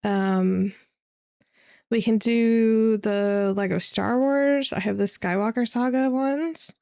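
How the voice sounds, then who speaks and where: Worn out young woman streamer, gravelly fry, rambly chat with lots of ums. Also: fairly high pitch, steady tone, takes it slowly, a little mellow. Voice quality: vocal fry. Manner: rambling, many fillers. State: tired. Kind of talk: casual chat.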